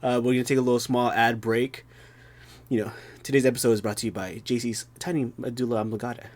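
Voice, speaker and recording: A man's voice: mid-range voice, flat delivery, quick pace, darkish tone. Man cracking jokes as co-host. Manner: joking interjections, mock ad-read. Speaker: podcast co-host. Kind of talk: crude casual chat.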